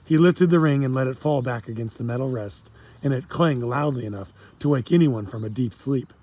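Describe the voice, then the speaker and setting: Husky male storybook narrator. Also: medium pitch, brisk, warm tone. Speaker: audiobook narrator.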